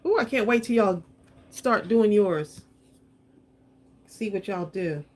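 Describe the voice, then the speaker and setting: A woman's voice: medium pitch, expressive, takes it slowly, a little mellow, a little hiss or hum. A woman hosting a live crafting stream, chatting with viewers and laughing often as she demonstrates supplies. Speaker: craft channel host.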